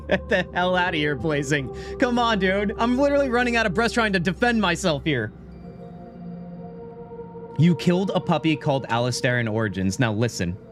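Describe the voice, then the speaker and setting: A man talking into a desk microphone on a live gaming stream, joking and protesting in mock outrage to his chat. His voice sits a little higher than most men's. Faint game music plays underneath. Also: normal speed. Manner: animated, mock-indignant, joking.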